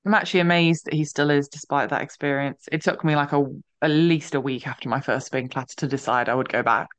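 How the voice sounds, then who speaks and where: Woman, low-pitched, relaxed co-host chat, supportive asides. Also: fairly quick. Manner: short supportive interjections. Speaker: podcast co-host. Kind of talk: casual chat.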